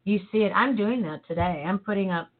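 Animated woman on a tinny line. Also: medium pitch, fairly quick. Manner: animated, laughs often, trails off mid-thought. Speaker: co-host. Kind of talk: casual motivational chat.

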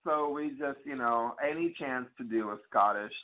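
A man co-hosting a casual TV review podcast, chatting loosely and thinking out loud. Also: medium pitch, normal speed. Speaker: podcast co-host. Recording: tinny phone-like audio.

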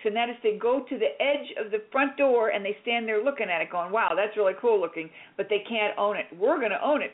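A woman hosting a radio show, coaching a caller with lively, directive talk and acting out little scenes. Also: medium pitch, narrow, tinny audio. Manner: directive and animated, plays out scenes. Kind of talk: on-air coaching chat.

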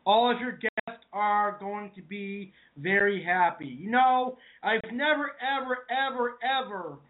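High-voiced New man, tinny audio. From Massachusetts, New England. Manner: chatty, addresses viewers as folks. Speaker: cooking show host. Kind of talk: casual online show talk.

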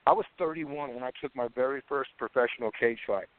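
A man's voice: medium pitch, fast. Rambling man on a tinny phone line. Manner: rambling, chuckles often, fills with "man" and "you know". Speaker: guest, professional fighter. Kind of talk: casual storytelling in an interview.

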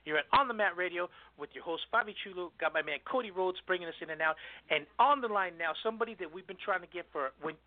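A man hosting a radio show, chatting excitedly and laughing often. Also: sits high, fast talker, no room sound. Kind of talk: casual radio chat. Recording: tinny phone-like line.

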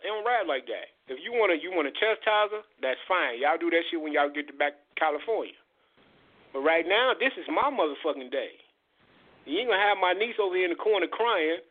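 Male radio host, animated profane storyteller, lively pitch, tinny line. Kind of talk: casual storytelling chat. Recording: tinny phone-like radio audio.

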